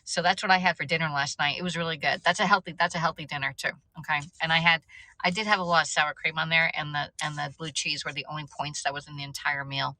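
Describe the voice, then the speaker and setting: A woman's voice: low-pitched, fairly even intonation, quick pace, pushed and bright, dry recording, poor audio. A middle-aged woman chatting casually on a live stream, laughing at herself and stumbling over words. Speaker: livestream host.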